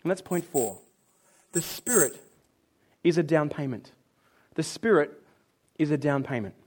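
High-voiced male preacher. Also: measured pace, husky. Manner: animated, acts out complaining voices, drops low for scripture. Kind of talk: sermon.

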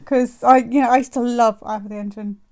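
A woman's voice: a little high, steady tone, fairly quick, darkish tone. A woman talking enthusiastically and affectionately in a casual chat. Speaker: guest.

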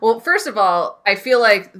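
A woman's voice: mid-range voice, very animated, unhurried, a bit bright. A young woman co-hosting a podcast, directing a role-play with teasing, bossy banter and casual swearing. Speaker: podcast co-host.

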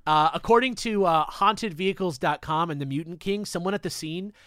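A young man hosting a podcast, telling a story in a casual, animated way with jokey asides and swearing. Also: high-pitched, brisk, no room sound, clean studio sound. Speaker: podcast host.

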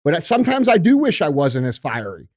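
A man's voice: fairly high pitch, wildly swooping pitch, fast, darkish tone, no echo, clean studio sound. A man on a podcast talking about leadership in an intense, fiery way, swearing often and calling people bro and dude. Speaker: podcast guest. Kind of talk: casual podcast interview.

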